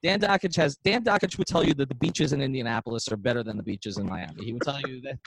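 A man co-hosting a sports podcast, telling rambling, animated stories with lots of restarts and asides. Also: medium pitch, fast talker, creaky, low-quality recording. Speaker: podcast co-host. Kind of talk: casual sports chat.

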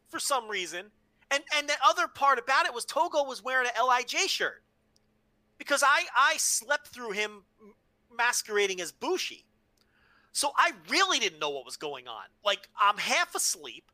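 Bright, lively male podcast co-host. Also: very high voice, fairly quick, dry recording. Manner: excited, swears freely, retells with exclamations. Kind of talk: casual chat.

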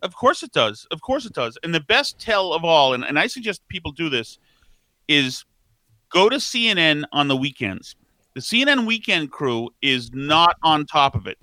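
Bright-voiced, mocking male co-host. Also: fairly high pitch, sing-song, moderate pace, no room sound. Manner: emphatic, mocking commentary. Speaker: radio show co-host. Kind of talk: political talk show commentary.

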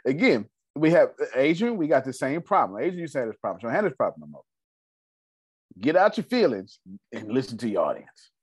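Lively, laughing male coach. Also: mid-range voice, fairly quick, slightly rough, no echo. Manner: lively, playful, laughs often. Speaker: host of a finance coaching call. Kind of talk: coaching group discussion.

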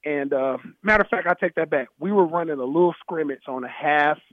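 A man, a former football player, telling stories from his playing days in a casual, animated chat, laughing and acting out his coach. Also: fairly high pitch, fairly quick, no echo. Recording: dry, tinny phone-like sound.

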